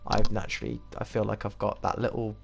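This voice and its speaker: A young man with a slightly posh English accent rambles through casual gameplay commentary, laughing at himself as he goes. His voice has a gravelly edge, and the recording is noisy with mouse clicks behind. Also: on the low side, completely flat delivery, fast. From United Kingdom. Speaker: gaming YouTuber.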